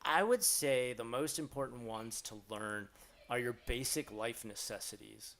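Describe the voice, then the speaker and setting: A man's voice: medium pitch, a little slow, vocal fry, fairly bright tone, a little hiss or hum. A man from Florida in his thirties or forties, hosting a casual live Q&A, rambling and swearing freely as he tells stories. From Florida, USA. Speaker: live stream host answering questions.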